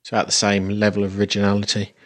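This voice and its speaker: A man's voice: lowish voice, monotone, rapid-fire, fairly bright tone. A man on a film podcast panel, making brief, matter-of-fact remarks in casual chat.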